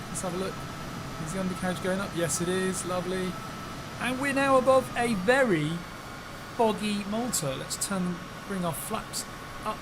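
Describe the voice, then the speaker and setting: A man's voice: high voice, background noise. A man hosting a live stream, chatting casually and upbeat while flying a plane in a simulator and greeting viewers. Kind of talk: casual live-stream commentary while playing a flight sim.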